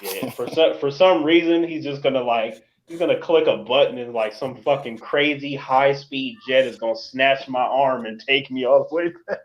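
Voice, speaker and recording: A man's voice: mid-range voice, moderate pace, slight background noise, poor audio. A man chatting casually with a friend on a live stream, joking and acting out imagined scenes. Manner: jokey, acts out scenes in put-on voices. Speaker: co-host. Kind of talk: casual chat.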